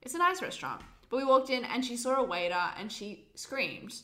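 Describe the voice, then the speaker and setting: A woman's voice: fairly high pitch, big pitch swings, sharp tone, echoey room. A young woman, a comedian co-hosting a podcast, talking casually and peppering her speech with "like". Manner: quick, filler-heavy talk with many "like"s.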